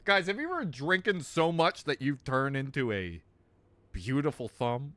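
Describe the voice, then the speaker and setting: A young man giving joking, animated commentary while playing a horror game on a let's play. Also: mid-range voice, moderate pace, no echo. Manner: animated, joking, laughs often.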